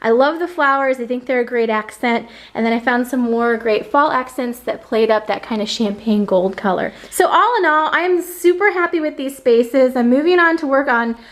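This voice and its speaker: High-voiced, chatty young mom vlogger. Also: female voice, normal speed, few pauses. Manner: chatty and enthusiastic, gushing about favorites. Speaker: home decor vlogger. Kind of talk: casual home tour walkthrough. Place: indoors in her own home, furnished living room.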